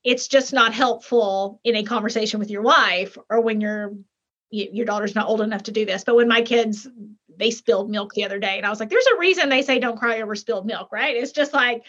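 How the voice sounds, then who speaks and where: A woman's voice: medium pitch, fairly even intonation, a little fast, a bit bright. A woman hosting a podcast, reflecting back and validating what her guest has said in a conversational way. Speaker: podcast host. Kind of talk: conversational interview. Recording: dull lo-fi sound.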